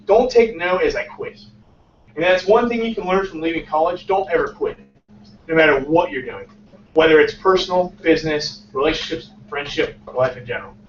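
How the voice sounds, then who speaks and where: A young man with a high, bright-pitched voice gives an energetic, casual motivational talk as a startup founder. He keeps checking in with the audience by tagging his points with "right?". He is picked up from across an echoey lecture room, and the sound is muffled, with a faint hiss underneath. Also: distant mic. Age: 20s. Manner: energetic, peppers lines with "right?".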